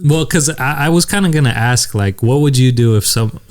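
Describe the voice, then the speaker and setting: A man's voice: medium pitch, brisk. Young male podcast co-host, loose rambling storyteller, frequent laughs. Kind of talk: casual chat.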